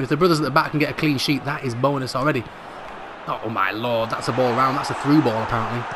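A young man commentating live on his own football video game match, excitable and jokey, swearing mildly and shouting at near misses. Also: a little high, noisy background. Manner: excitable, shouts at big moments; calls players "brothers", mild swearing. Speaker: gaming YouTuber.

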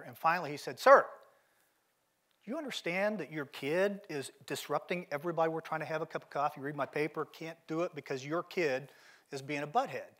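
A middle-aged man delivers a motivational keynote at a seminar, speaking directly to his audience. He drives his points home through emphatic repetition and plain storytelling, in a voice of ordinary male pitch. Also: a bit bright. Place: seminar venue.

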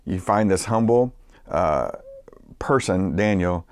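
A man's voice: sits low, expressive, slow pace, clean tone, no room sound, clean studio sound. A man preaching a sermon as a pastor, in a conversational way with frequent fillers and restarts. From Massachusetts, United States.

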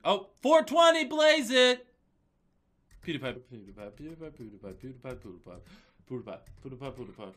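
A young man with a cold chatting casually as a video creator, repeating a chant and breaking off into sudden shouts and mumbled asides. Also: medium pitch, a little hiss or hum. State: has a cold. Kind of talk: casual chat.

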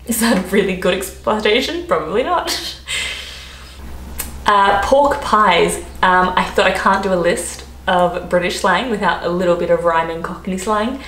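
A woman's voice: mid-range voice, moderate pace, a bit bright. An Australian woman vlogger who chats in a rambling, giggly way as she explains slang. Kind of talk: casual explainer vlog. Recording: roomy echo, faint background noise.

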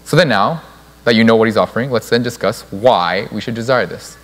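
A man's voice: lowish voice, a little fast, big-room sound. A young adult man preaching a sermon in a church, stressing key words by repeating them. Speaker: pastor. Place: church sanctuary.

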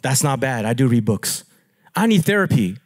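A man preaching as a pastor, telling stories in an animated, playful way and laughing at himself. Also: mid-range voice, moderate pace. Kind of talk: storytelling sermon.

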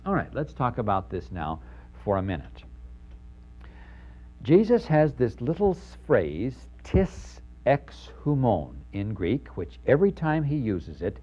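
Poor audio carries a man's medium-pitched voice as he lectures on the New Testament parables at a measured pace. Emphatic and animated, he acts out quoted speech and keeps posing rhetorical questions to the audience.

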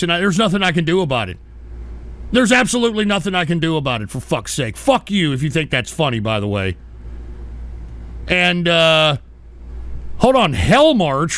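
A man's voice: high voice, a bit bright. A man hosting a call-in radio show, ranting and swearing constantly in exasperation. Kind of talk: profane call-in radio rant.

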